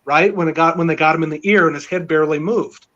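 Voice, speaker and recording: A middle-aged man telling a long story in casual chat, rambling and excited, with many fillers. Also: a little high, fast. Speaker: panel guest. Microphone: video call. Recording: dull lo-fi online call audio.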